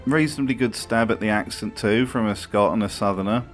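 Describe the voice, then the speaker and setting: A man's voice: lowish voice, a little fast, soft background music. A man delivering comedic scripted commentary in a dry, sardonic way. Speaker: video host.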